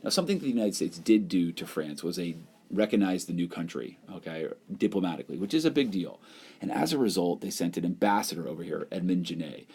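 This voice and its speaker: Male teacher, deep mellow voice, casual lecture-style voice-over for a whiteboard lesson. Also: lively intonation, quick pace, slightly rough. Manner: loose, conversational explaining with frequent "you know" and "um". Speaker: history teacher. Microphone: voice-over over whiteboard slides.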